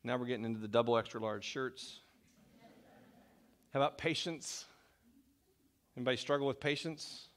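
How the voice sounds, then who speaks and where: A middle-aged man preaches a sermon in a church. His voice sits at an ordinary mid pitch, and he speaks in a relaxed, conversational way. He jokes at his own expense and often repeats words as he restarts his sentences. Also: moderate pace, long pauses. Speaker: pastor. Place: church sanctuary.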